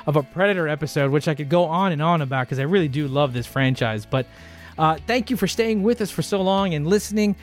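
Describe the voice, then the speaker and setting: A man hosting a podcast in casual chat, loud, playful and teasing. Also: a little high, brisk, faint music behind. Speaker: podcast host.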